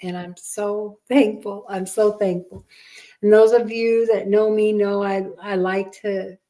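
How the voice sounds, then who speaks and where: A woman's voice: mid-range voice, level tone, measured pace, mellow, low-quality recording. An older woman hosting a family podcast, speaking in a casual chat and fighting back tears. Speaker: podcast host, mother.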